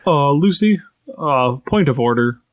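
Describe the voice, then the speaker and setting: Halting man joking at the table. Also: a little high, animated, no room sound, clean studio sound. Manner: halting, joking, many fillers. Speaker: player. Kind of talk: casual chat.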